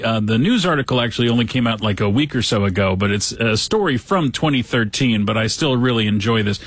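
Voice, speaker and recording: A male talk show host who reads through odd news stories and keeps breaking in with sarcastic jokes. His voice sits in a middle pitch. The recording is dry, with no room echo. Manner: sarcastic, wisecracking asides. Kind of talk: comedic news commentary.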